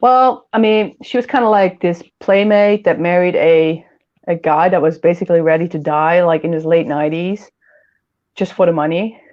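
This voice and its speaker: A woman's voice: lowish voice, moderate pace, dull audio. A woman hosting a casual livestream chat, rambling and giggling often as she talks. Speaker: host.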